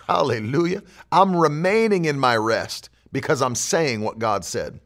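A man's voice: mid-range voice, animated, measured pace, a bit bright. A man preaching a sermon as pastor, emphatic and driving his points home with repeated declarations.

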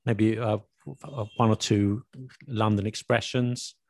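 A man's voice: fairly low pitch, steady tone, unhurried, no echo, clean studio sound. A man hosting a casual chat, quizzing his guest on slang and explaining each term patiently. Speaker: host.

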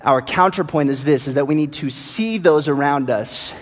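A man's voice: fairly high pitch, normal speed, big-room sound. A pastor delivering a playful, tongue-in-cheek sermon to his congregation in a church. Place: church sanctuary.

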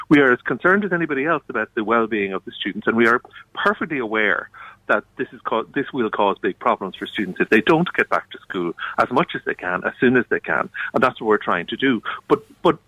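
An Irish man speaking as a union official in a radio interview, earnest and halting, often restarting his sentences. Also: medium pitch, pushed and bright, husky, dry recording, muffled recording.

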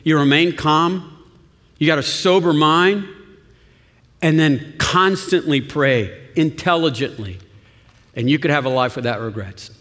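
A man's voice: on the high side, a little slow, long pauses, fairly bright tone. A man preaching a sermon as pastor, talking in a conversational way with chuckles and restarts. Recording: long reverb of a church hall.

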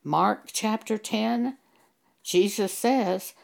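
A woman's voice: medium pitch, extremely slow, creaky. A woman preaching in a monologue, citing scripture with emphasis and pressing rhetorical questions. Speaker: Bible teacher.

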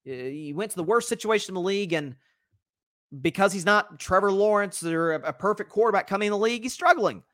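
A man with a drawl runs a solo sports talk show, rambling and animated, stumbling over restarts as he reacts to games. His voice sits a little higher than most men's. The sound is close and dry, with no room to it. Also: fast, no echo. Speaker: sports podcast host. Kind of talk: casual solo sports commentary reading live comments.

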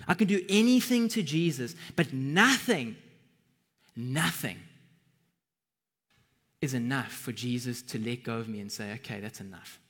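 Husky-voiced man preaching a sermon. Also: medium pitch, animated, a little slow, long pauses, a bit bright. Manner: earnest, building to emphatic bursts. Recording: long hall reverb.

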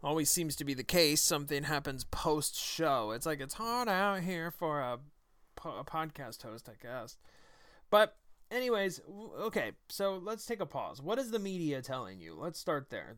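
A man's voice: fairly high pitch, sing-song, normal speed, fairly bright tone, no room sound, studio quality. Combative man hosting a political podcast. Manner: combative, sarcastic, emphatic. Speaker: podcast host. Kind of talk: political commentary monologue.

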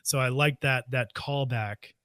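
A man's voice: mid-range voice, steady tone, a little slow, fairly bright tone, dry recording. A man in casual podcast chat, thinking aloud about a film with many restarts. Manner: thoughtful, hesitant, with many restarts and "like". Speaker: podcast co-host. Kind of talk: casual movie commentary chat.

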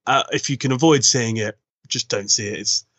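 Bright-voiced man reviewing films. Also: medium pitch, moderate pace, no room sound. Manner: relaxed, reads reviews aloud with hesitations. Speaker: co-host, film reviewer. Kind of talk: casual podcast chat.

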